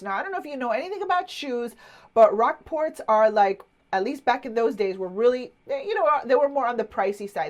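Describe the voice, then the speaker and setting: A woman in her fifties, a marketing coach, telling a personal story in a chatty, animated way with many asides. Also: on the high side. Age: 50s.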